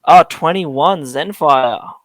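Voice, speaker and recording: A man's voice: on the high side, takes it slowly, fairly bright tone, dry recording, rough recording. A young Australian man running a tabletop game as dungeon master, hesitant and full of ums. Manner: hesitant, lots of ums, hums tunes.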